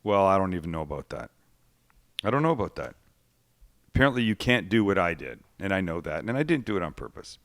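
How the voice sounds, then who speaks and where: A man's voice: low voice, fast talker. A man hosting a cooking show, telling stories in casual chat and acting out the people he quotes. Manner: animated storyteller acting out quotes.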